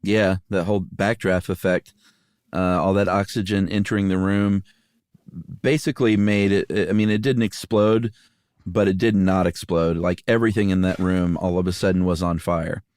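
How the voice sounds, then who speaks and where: A man co-hosting a podcast, explaining events in a steady, casual way with frequent "uh" fillers and dry asides. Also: sits low, normal speed, no room sound. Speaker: podcast co-host. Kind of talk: casual conversational storytelling.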